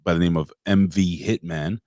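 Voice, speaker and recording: A man co-hosting a casual livestream, talking in an emotional, rambling, halting way. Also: low voice, steady tone, warm tone, dry recording, clean studio sound. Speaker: co-host.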